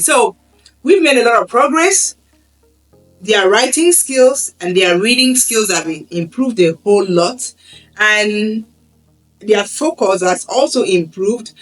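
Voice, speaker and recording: A woman's voice: on the high side, fairly bright tone. Earnest woman vlogger, slightly distant mic. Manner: earnest, conversational, often restarts phrases. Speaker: parenting vlogger. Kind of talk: casual talk to camera. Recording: slightly distant mic with faint background music.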